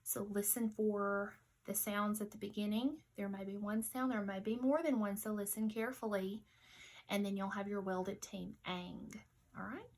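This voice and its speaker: A woman with a Southern accent, teaching a patient phonics lesson to young children, sounding words out slowly. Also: medium pitch, steady tone, a little mellow, far from the mic.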